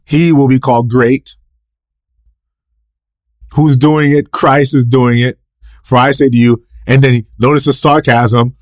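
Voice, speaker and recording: A man delivers a sermon in a steady, unhurried voice with long pauses, captured in studio quality for a podcast with no room sound. Posing questions and answering them himself, he repeats quotes from scripture and rises sharply in pitch and volume to stress his points.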